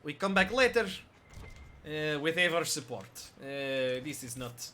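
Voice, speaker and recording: A man putting on a fake Russian accent for a gruff male hero, speaking broken English without articles. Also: on the high side, lively intonation, unhurried, bright, forceful tone, slight background noise, voice pushed down. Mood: grumbling.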